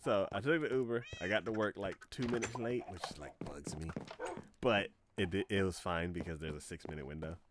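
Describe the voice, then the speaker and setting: A man's voice: low voice, brisk, background noise. A young adult man streaming live, telling a rambling story in casual chat and acting out both sides of each conversation with lots of fillers. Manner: frequent laughs and filler words.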